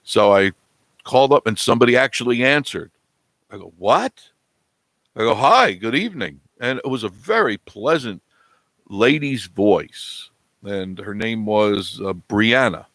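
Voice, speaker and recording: A man's voice: fairly low pitch, a little slow, dry recording. Rambling man chatting on a live stream. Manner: rambling, animated storytelling with acted-out quotes. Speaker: vlog host. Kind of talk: casual live-stream chat. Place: home studio indoors.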